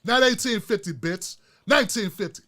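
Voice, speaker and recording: A middle-aged man hosting his own online show, ranting with fiery, profane, preacher-like repetition and swinging from hushed asides to shouting. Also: sits high, moderate pace. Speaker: YouTube show host. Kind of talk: impassioned vlog rant.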